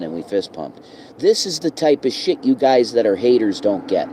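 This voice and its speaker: A reverend talking casually outdoors in a rambling, profane, preachy rant. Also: male voice, on the low side, animated, normal speed, warm tone, slight background noise, poor audio.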